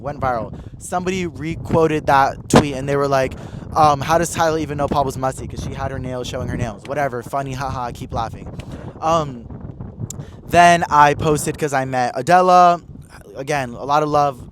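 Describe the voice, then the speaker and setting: A young man hosting a podcast, telling stories in a gossipy, excitable way full of "like". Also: a little high, slight background noise. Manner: excitable, gossipy, heavy "like" filler. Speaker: podcast host. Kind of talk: casual chat.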